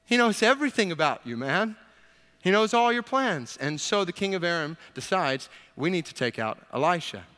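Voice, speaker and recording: A man preaching a sermon, retelling a Bible story in an animated way with quips to the congregation. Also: sits high, moderate pace, long reverb tail. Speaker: pastor.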